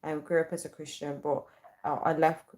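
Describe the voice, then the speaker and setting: A woman's voice: low voice, flat delivery, fairly quick, darkish tone. A woman on a casual livestream, chatting, giggling and reading viewers' comments aloud. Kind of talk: casual live-stream chat. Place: at home late at night.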